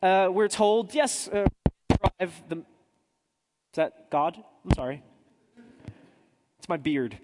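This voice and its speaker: A man's voice: high voice, animated, slow pace, pauses often, long reverb tail, noisy background. A man, a journalist, telling a humorous story to a live audience in a chatty, self-deprecating way with asides to the crowd.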